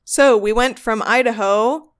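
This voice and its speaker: A woman co-hosting a podcast in casual chat, talking quickly with frequent giggles and rambling asides. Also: a little high, smooth. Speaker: podcast co-host.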